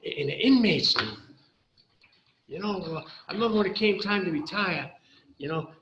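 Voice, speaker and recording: An older man with a high, bright voice shares his story at a recovery meeting, keeping it lively and often checking in with "you know?" The sound is roomy and a little muffled, as if picked up in a meeting hall. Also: normal speed, slight background noise. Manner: animated storytelling, constant "you know" and "right". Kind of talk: personal testimony talk.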